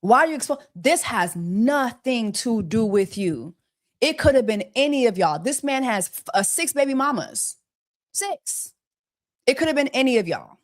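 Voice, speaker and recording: Exasperated woman livestream host, higher voice. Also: lively intonation, normal speed. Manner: exasperated, repeating rhetorical questions; mocking, with quacking and bird jokes. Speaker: host of a celebrity gossip livestream. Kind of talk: casual livestream commentary.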